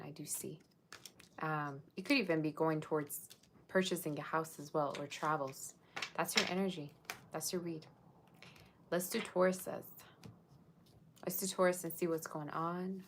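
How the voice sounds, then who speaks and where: A woman's voice: low-pitched, slight background noise. A woman giving a casual live-streamed tarot reading, chatting straight to her viewers in a musing, tentative way. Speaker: tarot reader.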